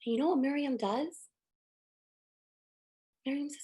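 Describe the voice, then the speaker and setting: Woman, high voice, emotive storyteller, religious lesson, casual fillers. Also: a little slow, dark tone. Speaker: teacher.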